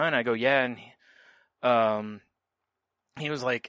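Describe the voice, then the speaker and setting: A man's voice: mid-range voice, fairly even intonation, normal speed, pushed and bright, no room sound. Male podcast co-host, casual storyteller, easygoing, dry booth sound. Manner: laid-back storytelling, laughs often. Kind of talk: casual chat.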